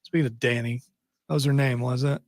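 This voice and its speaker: A man's voice: mid-range voice, steady tone, brisk, no echo. A man hosting a casual chat show, talking in rambling stop-start sentences on a studio mic. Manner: rambling, stammering restarts. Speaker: host.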